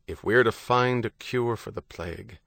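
A man reading an audiobook, voicing a guarded American scientist who answers tersely and low. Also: normal speed, creaky, a bit bright, dry recording. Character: guarded young American scientist, quietly tense.

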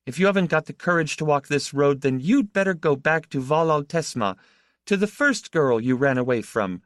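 Pitching himself above his own natural register, a man voices a hurt, proud young woman in a slightly high voice with wide pitch swings. His tone is cutting, his pace moderate, and the studio-quality recording has no echo.

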